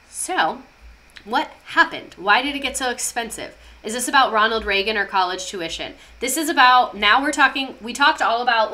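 Brief: woman history vlogger, casual and passionate, irreverent, with a clear and bright voice. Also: medium pitch. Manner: irreverent, passionate, swears freely.

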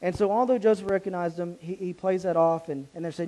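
A man preaching a sermon in a church, retelling a story in a casual, animated way with many restarts. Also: high-pitched, fast talker, few pauses, rough recording. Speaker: pastor.

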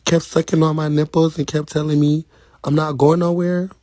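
A sassy man chatting live into his phone, animated and quick to laugh as he talks to his viewers. His voice sits fairly high for a man. The sound is close and dry, with no room echo. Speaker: livestream host. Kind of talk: casual live-stream chat.

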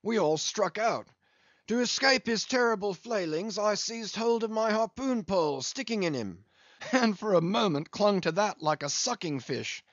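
A man's voice: high voice, expressive, moderate pace, a bit bright, no echo, highs cut off, voice pushed up. A man voicing a hearty, good-humoured whaling captain telling a long sea story in an audiobook. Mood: storytelling. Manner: chatty yarn-spinning.

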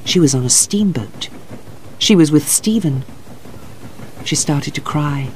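Slow, lilting storybook narrator. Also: mid-range voice, lively intonation, slight background noise. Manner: slow, clearly paced storytelling. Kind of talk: slow graded-reader narration for learners.

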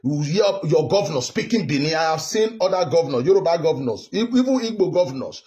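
A Nigerian man in his fifties from Edo State, a political commentary vlogger, rants indignantly straight to camera in a heated, repetitive monologue. His voice is a little high and sing-song, warm in tone, and he talks fast.

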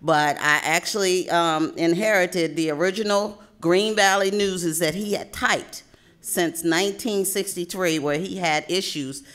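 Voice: mid-range voice, steady tone, measured pace, fairly bright tone. An adult speaking as a panelist in a discussion, telling stories about a neighborhood newsletter from their youth. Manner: storytelling, recounting neighborhood memories. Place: public library meeting room.

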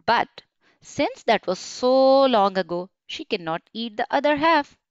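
A woman voicing an old wise man in a children's storybook, explaining things in a measured way. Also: fairly high pitch, expressive, clear, resonant tone, no echo, muffled recording. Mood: advising. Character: old wise man giving calm advice.

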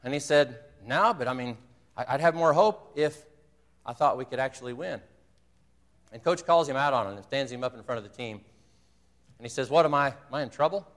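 A man's voice: medium pitch, lively intonation, moderate pace, long pauses, a bit bright. Man preaching in a reverberant sanctuary. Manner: earnest storytelling, retells a movie scene with quoted dialogue. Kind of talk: sermon. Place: church sanctuary.

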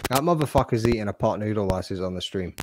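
A man's voice: on the low side, animated, fast talker, noisy background. A man hosting a podcast, chatting casually with sweary, teasing banter. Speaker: podcast host. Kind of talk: casual watch-along chat.

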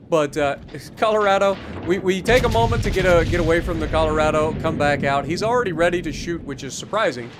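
A man's voice: on the high side, quick pace, few pauses, background noise. A man giving casual, sarcastic commentary over his own gameplay, chatting and teasing opponents as he explains his moves. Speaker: gaming YouTuber.

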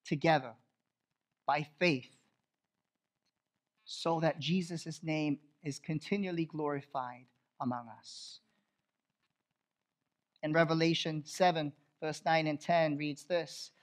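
High-voiced, slow-preaching male pastor. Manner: swings from loud proclaiming to hushed intensity; repeats phrases for emphasis. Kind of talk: sermon.

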